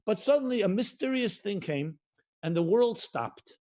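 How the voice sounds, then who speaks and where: Middle-aged rabbi guy, high voice, preaching a livestream sermon, lots of repeating and slowing down on the big words. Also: expressive, a little mellow. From United States. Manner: emphatic, repetitive cadence, mixes Hebrew and Yiddish terms; slows and stretches key phrases.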